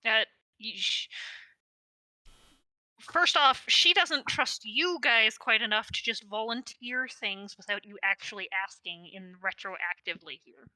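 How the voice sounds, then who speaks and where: A woman game master runs a tabletop session, walking the players through rules and consequences with a wry, measured delivery. Her voice sits a little high and comes across very bright. The sound is dry and close. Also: no room sound, rough recording.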